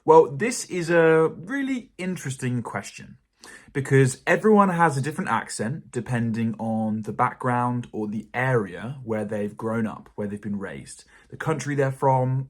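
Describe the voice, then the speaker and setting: A man with a British accent, an English teacher giving a clear, measured, encouraging lesson to camera. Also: medium pitch, expressive.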